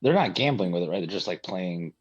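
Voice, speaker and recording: Deep husky laid-back man. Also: lively intonation, a little fast, highs cut off. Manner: laid-back, casual slang. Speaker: tabletop game player. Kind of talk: casual in-character play.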